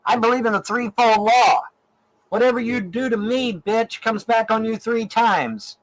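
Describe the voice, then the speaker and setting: A man's voice: very high-pitched, a little slow, low-quality recording. A middle-aged man from Ohio ranting angrily in a profane, repetitive stream monologue. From Ohio, USA. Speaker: online show host in archived clip.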